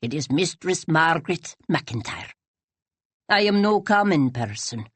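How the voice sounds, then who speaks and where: A woman reads as a stately, proud, strange old Highland Scottish widow, using a deep, rich, lowered, husky voice with a slow, formal, old-fashioned lilt. The delivery is animated and exaggerated, and the recording is close and dry with no room sound.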